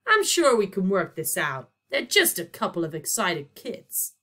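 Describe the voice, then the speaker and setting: A woman reading aloud puts on a massive, booming god disguised as a hearty dad, with an American accent. He is loud and confident, all big handshakes. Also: sing-song, measured pace, full character voice. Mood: stern.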